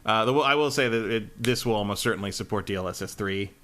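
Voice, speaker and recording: Relaxed male co-host, lowish voice, loose and easygoing delivery. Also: fast talker. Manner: relaxed, rambling, many fillers. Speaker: podcast co-host. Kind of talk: casual gaming podcast chat.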